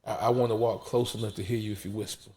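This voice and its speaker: A man's voice: lowish voice, steady tone, quick pace, mellow. A man, testifying in an emphatic preaching style that repeats words and drops almost to a whisper when emotional. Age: 40s.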